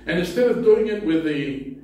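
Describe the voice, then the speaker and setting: Man, pastor, sermon, slightly high voice, heavy echo, far from the mic, chatty storytelling. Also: animated, moderate pace, mellow. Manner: conversational storytelling, self-deprecating humor. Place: church sanctuary. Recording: very echoey hall, distant mic.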